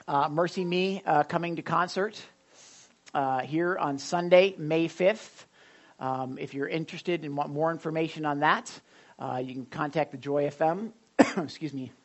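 A man's voice: a little high, a little slow. A man leading a church service as pastor, giving announcements in a chatty, rambling way with many fillers and some self-deprecating jokes. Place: church sanctuary during a service.

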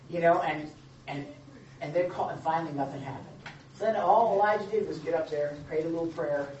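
A male pastor delivers a sermon in a lively way, acting out the scripture quotes and adding playful asides. His voice echoes through a roomy space and comes from some distance from the mic. The sound is dull, with faint background noise. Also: on the high side, a little fast, long pauses. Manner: animated, joking asides, acts out quotes. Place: church or meeting room with a live audience.

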